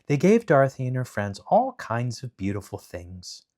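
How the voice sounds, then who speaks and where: A man reading a children's bedtime story aloud, animated and dramatic in his delivery. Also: mid-range voice, moderate pace.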